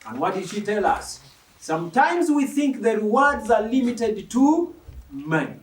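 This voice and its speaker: Animated preacher man in an echoey hall. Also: high-pitched, measured pace. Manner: animated, emphatic, asks the congregation questions. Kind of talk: sermon. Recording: echoey hall, mic from a distance.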